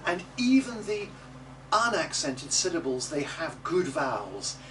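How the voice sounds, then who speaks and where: A middle-aged man leads a class through Italian diction, sounding each word out slowly for the group to echo back. His voice is fairly high and sits well back from the microphone. A steady background hiss runs under everything in the room. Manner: demonstrative, models words slowly for the group to repeat; chatty asides with little jokes. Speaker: early music teacher. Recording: distant mic in a noisy room.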